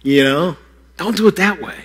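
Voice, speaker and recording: Husky guy preaching to kids, playful and teasing, voice sits kinda high. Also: normal speed. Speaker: pastor giving a children's message. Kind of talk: playful children's sermon.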